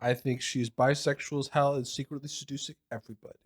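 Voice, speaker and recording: A man's voice: mid-range voice, flat delivery, fast, dry recording. Joking man on a dry mic. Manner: joking banter. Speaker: podcast co-host. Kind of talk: casual chat.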